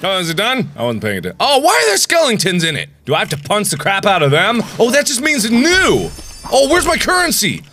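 A man giving excitable, jokey commentary while playing a video game, swinging between yelps and mutters. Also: high-pitched, brisk, noisy background. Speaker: gaming video host. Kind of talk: gameplay commentary.

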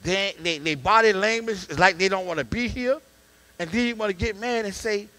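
High, bright-voiced preaching deacon. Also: male voice, a little fast, rough recording. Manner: call-and-response preaching, swings from quiet to shouting. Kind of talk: sermon.

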